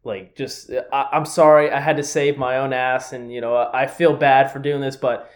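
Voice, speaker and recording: A man's voice: medium pitch, level tone, brisk. A young man casually recounting a workplace story with friends, cursing freely and laughing as he talks. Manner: chatty, swears freely, laughs through his stories.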